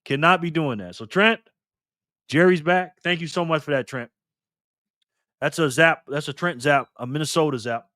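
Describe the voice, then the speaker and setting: A man's voice: fairly high pitch, moderate pace, pauses often, a bit bright, no echo, studio quality. A man hosting a casual live stream, joking and chatty as he reads donations and chat messages aloud. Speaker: livestream host.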